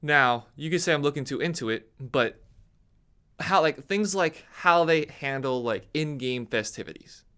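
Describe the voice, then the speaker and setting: Animated, bright-voiced young man ranting. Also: on the high side, moderate pace, clear, resonant tone. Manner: animated, ranting, voice leaps up when mocking others. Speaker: sports commentator. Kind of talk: opinionated sports talk monologue.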